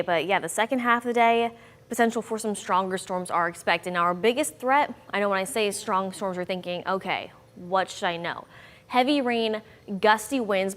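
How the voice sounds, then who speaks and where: Upbeat woman meteorologist, long reverb. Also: mid-range voice. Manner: upbeat, conversational, bouncy emphasis. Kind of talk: chatty weather forecast.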